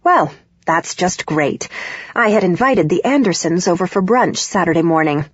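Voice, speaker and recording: A woman's voice: fairly low pitch, animated, moderate pace, no room sound, dull audio. A woman voicing a critical, controlling middle-aged mother in an audiobook, with a cold, reproachful manner. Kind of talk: audiobook character voice.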